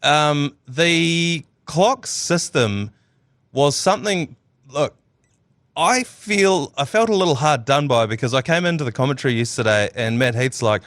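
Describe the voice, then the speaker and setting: A man's voice: a little high, expressive, unhurried, a bit bright, dry recording. A man with a New Zealand accent hosting a sports podcast in a rambling, joking way and laughing often. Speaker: podcast host. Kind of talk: casual sports chat.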